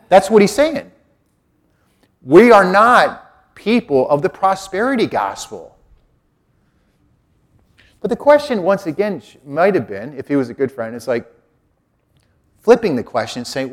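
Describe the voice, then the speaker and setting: A man's voice: fairly high pitch, sing-song, normal speed, pauses often. A middle-aged man, a Catholic priest, preaching a conversational sermon and acting out quotes in different voices.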